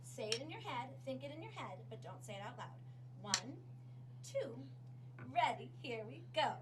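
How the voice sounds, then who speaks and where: Brief: high-pitched female music teacher, upbeat coaching tone, steady background noise in a meeting room. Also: normal speed. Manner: upbeat, coaching children, counting in. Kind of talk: classroom demonstration.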